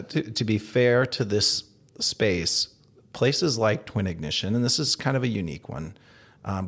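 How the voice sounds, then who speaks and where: Upper Midwestern male co-host, slightly breathy tone, expressive pitch, chatty and animated. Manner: animated, laughing storyteller. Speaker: podcast co-host. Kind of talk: casual podcast chat. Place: office in a co-working space.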